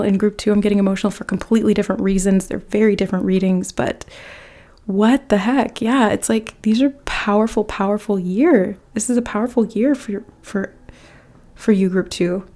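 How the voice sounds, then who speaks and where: A woman giving a pick-a-card tarot reading in a chatty, informal way, often trailing off into soft breathy asides. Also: medium pitch, steady tone, a little fast. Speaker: tarot reader.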